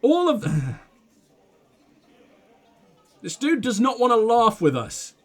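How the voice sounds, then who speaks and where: A man hosting a let's play of a detective game, excitable, swearing and laughing as he reads dialogue aloud. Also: extremely high pitch, slow. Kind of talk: gaming commentary and reading dialogue aloud.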